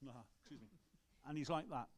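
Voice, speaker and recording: A man's voice: a little high, fast. English man telling a story in a sermon. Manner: storytelling, conversational, acts out quotes. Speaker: rector. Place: church.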